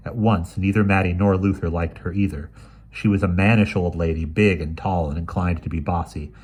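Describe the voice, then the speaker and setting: Male reader for a short story, low and husky, measured and expressive. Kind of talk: reading a short story aloud.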